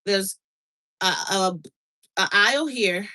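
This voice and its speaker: Bright-voiced woman telling a lively story. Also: mid-range voice, takes it slowly, rough recording. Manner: animated, reenacts dialogue, frequent "okay?" check-ins. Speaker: podcast host. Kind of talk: casual storytelling chat.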